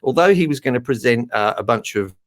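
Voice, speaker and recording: A man's voice: medium pitch, animated, fairly quick. A middle-aged man hosting a casual live stream, chatty and a little nervous, with lots of fillers.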